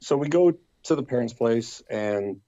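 A man telling a story as a podcast guest, in a lively way that acts out the other people's lines. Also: medium pitch, measured pace, no room sound. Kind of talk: casual anecdote. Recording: dull lo-fi dry recording.

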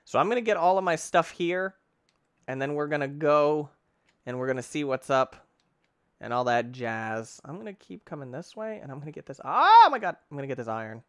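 A man giving excitable, rambling commentary on his gameplay, talking to himself and breaking into sudden shouts. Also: a little fast, clean tone, no echo, studio quality. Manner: excitable, with sudden shouts and big pitch jumps. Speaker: gaming channel host. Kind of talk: let's-play gameplay commentary.

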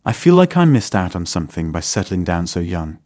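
A man's voice: deep voice, big pitch swings, fairly quick, darkish tone, dry recording. A man voicing a restless young wife who is earnestly and defensively arguing for an open marriage.

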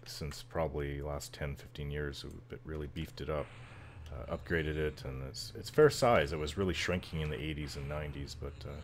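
A man's voice: rumbling low, normal speed, a little hiss or hum. A man chatting casually over gameplay, rambling with lots of fillers and frequent chuckles. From Canada. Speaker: gameplay commentator. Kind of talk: casual let's-play chatter.

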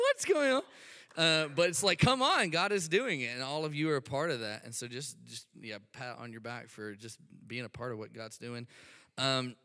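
A man's voice: medium pitch, bright, forceful tone, smooth. Southern man speaking in a reverberant church. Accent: Southern American (Alabama). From Alabama, USA. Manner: eager, chatty, laughs often, many fillers. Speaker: guest speaker, missionary. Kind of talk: sermon introduction. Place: church sanctuary. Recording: long church hall reverb.

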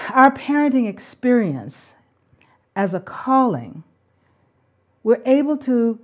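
This middle-aged parenting-talk host frames raising children as a spiritual calling, unhurried and earnest, reflective, with an occasional gentle laugh. Her fairly high voice has a dark, mellow quality, and the recording cuts off the highs.

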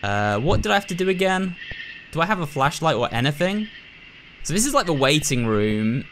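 A man's voice: on the high side, sing-song, normal speed, fairly bright tone, slight background noise, low-quality recording. Chatty man doing casual game commentary. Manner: chatty, amused asides to viewers. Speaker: gaming video host. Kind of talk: casual let's-play commentary.

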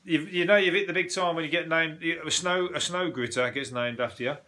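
Bright-voiced man, sweary deadpan. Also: on the high side, slight background noise. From United Kingdom. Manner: deadpan and sweary, with quick laughs and mimicry. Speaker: comedian podcast host. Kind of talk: solo comedy podcast monologue.

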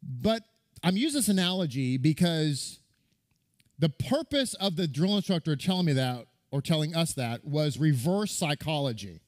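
A male rabbi preaching in an animated, storytelling manner, stumbling and restarting as he goes. His voice sits a bit high for a man. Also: normal speed. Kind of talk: sermon.

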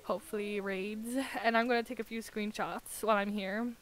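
A young woman streaming live, chatting casually and gushing excitably over another streamer. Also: medium pitch, fairly quick.

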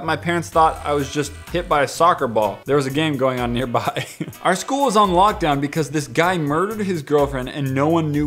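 A young man reads viewer comments aloud in a fairly high voice, animated and leaping up in pitch whenever a story turns silly. Faint music plays underneath him. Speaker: YouTuber reading viewer comments.

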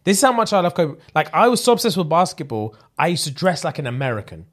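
A young man, co-hosting a relaxed podcast conversation. His voice sits a bit high for a man, and he talks with animated energy, swearing freely and acting out what other people said. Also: fast talker. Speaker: podcast co-host. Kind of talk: casual chat.

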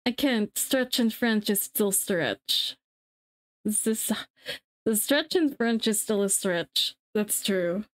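A woman's voice: medium pitch, lively intonation, slow. A woman live-streaming to her viewers in casual chat, rambling and giggling, restarting her sentences as she fiddles with settings.

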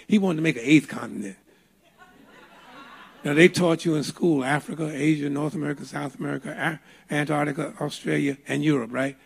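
A man's voice: on the high side, gravelly, husky. An older man preaching a sermon in a church, telling a folksy story with emphatic, playful delivery. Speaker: pastor. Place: church sanctuary.

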